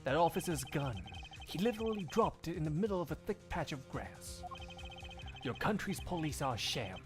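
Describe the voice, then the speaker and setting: A man in a live fan dub voicing a cocky male agent in a low, slow, smug voice. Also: big pitch swings, over music. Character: cocky male martial-arts style agent.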